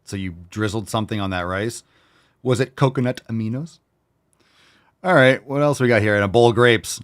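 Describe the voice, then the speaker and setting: A podcast host with a low-pitched male voice, rambling through casual chat. He swears freely and jokes as he goes, jumping from tangent to tangent. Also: normal speed, pauses often. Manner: rambling, profane, jokey.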